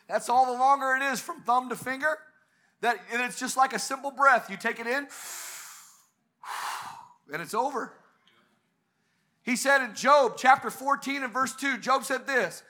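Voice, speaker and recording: High, bright-voiced man preaching fervently. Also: unhurried, pauses often. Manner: fervent preaching, swelling to emphatic peaks. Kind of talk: sermon. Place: church service.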